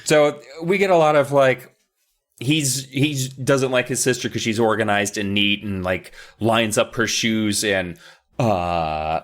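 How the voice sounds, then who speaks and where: A man's voice: on the low side, a little slow. A man co-hosting a podcast, recapping a book in casual, rambling, jokey chat with some swearing. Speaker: podcast co-host.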